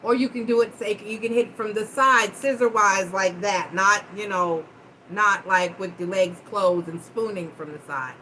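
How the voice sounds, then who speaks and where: A woman hosting a live-stream chat, telling stories in a blunt, profane, animated way. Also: mid-range voice, moderate pace, slight background noise, low-quality recording. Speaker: host.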